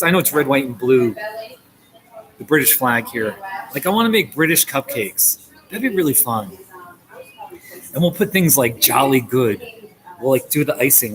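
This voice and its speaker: An American man in his forties chats casually on a live stream, responding to viewers' comments. He laughs a lot, his medium-pitched voice jumping up when he gets excited, and the recording is rough.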